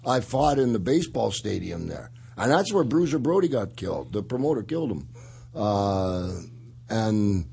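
A man's voice: on the low side, very animated, normal speed, gravelly, warm tone, breathy edge. A man hosting a casual talk show, telling rambling stories and laughing often. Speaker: podcast host and retired wrestler. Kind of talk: casual chat.

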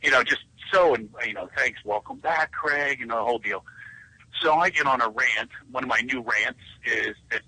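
A man's voice: medium pitch, moderate pace, husky, no echo, rough recording. A man calling in by phone to a radio talk show, joking and laughing as he chats. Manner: joking, laughing, animated storyteller. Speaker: phone-in guest. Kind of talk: casual chat. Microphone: phone line.

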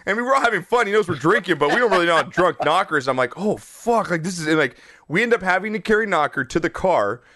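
A young man in his twenties hosting a podcast, telling a story in an animated, profane, laughing way. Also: high voice, fast, no room sound, clean studio sound. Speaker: podcast host. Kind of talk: casual storytelling.

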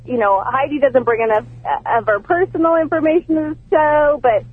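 A high-voiced woman calls in over a tinny phone line, hesitant and giggly as she talks. Faint music sits under the call. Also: a little fast. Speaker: caller. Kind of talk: call-in chat.

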